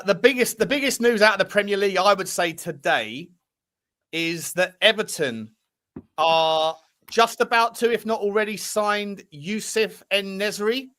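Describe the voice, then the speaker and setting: A man co-hosting a football podcast, chatting casually with excitable, jokey banter. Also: high-pitched. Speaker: podcast co-host.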